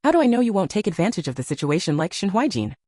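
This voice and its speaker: A woman's voice: mid-range voice, rapid-fire, dry recording, clean studio sound. A woman voicing an aloof, businesslike young man who runs a company, in an audio novel. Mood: cool. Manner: calm, businesslike. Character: aloof stern young male company president.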